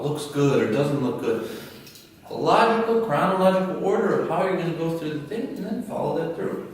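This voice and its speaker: A man teaching parents in an online lesson, animated and quick, acting out sample phrases as he explains. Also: on the high side. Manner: animated, talks fast, demonstrates phrases. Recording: echoey room, far from mic, faint hum.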